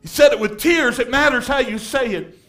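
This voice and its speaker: A man with an extremely high-pitched voice delivers an impassioned sermon at moderate speed. Hushed asides give way to shouted emphasis, and repetition drives his points home.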